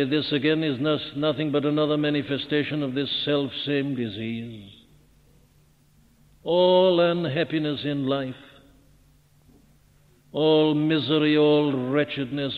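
Fervent preacher in an echoing hall. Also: male voice, a little high, takes it slowly, phone-quality sound. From Wales. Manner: earnest, rhetorical questioning, rising to fervent emphasis. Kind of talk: sermon. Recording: old archival tape, phone-thin sound, long hall reverb.

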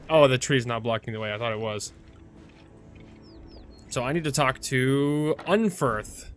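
A man hosting a casual let's-play, talking in a slightly high voice. He rambles, fills pauses and corrects himself as he goes, over faint background music. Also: a bit bright. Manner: rambling, chatty, self-correcting with many fillers. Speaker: video game let's-play host. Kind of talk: casual gameplay commentary.

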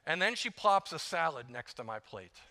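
A man's voice: a little high, sing-song, moderate pace, vocal fry, pushed and bright. A middle-aged man preaching as a guest speaker, talking in a conversational, self-deprecating way and acting out little prayers. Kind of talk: sermon. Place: church sanctuary. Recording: long church reverb.

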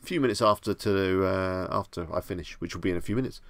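Speaking quickly in a deep voice, a young man from England with a Bedfordshire accent runs a casual live stream at night from his home. He answers viewer questions in a relaxed, chatty way, captured in a dry recording.

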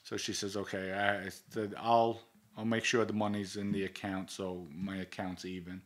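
A man with a low voice and a New York accent, retelling an old episode for an interview. He talks bluntly, swears freely and plays out each exchange in quoted dialogue. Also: level tone, moderate pace. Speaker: interview guest. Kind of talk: casual storytelling.

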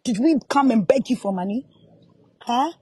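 A woman's voice: on the high side, expressive, moderate pace, a little mellow, slightly rough. A Ghanaian woman, a music promoter, angrily scolding a journalist in a heated live rant and repeating her questions.

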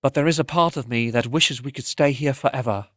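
A man's voice: mid-range voice, a little fast, fairly bright tone, no echo, natural voice. Storybook hero, voiced by a man, earnest and reflective, close to his own voice, dry.

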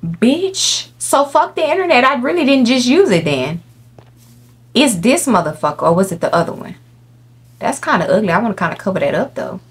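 Profane, animated young woman gamer. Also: fairly high pitch, normal speed, breathy edge. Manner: animated, profane, talks to the game animals and viewers. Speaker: gaming YouTuber. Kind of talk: casual let's-play commentary. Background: faint game music.

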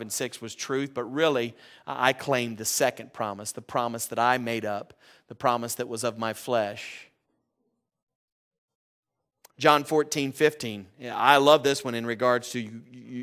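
A man preaching a sermon as pastor of a church, emphatic, swinging between ringing emphasis and hushed, low confession.

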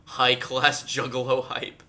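A man's voice: mid-range voice, monotone, takes it slowly, bright, forceful tone. A man giving casual livestream commentary over gameplay, joking and bantering with chat. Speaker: streamer. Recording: game music playing behind.

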